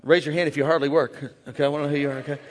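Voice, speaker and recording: A man who is a pastor, preaching a lively sermon and calling out to the congregation to join in. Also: a little high, rapid-fire, a little hiss or hum. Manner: energetic, playful call-and-response with the crowd. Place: large church. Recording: long church hall reverb.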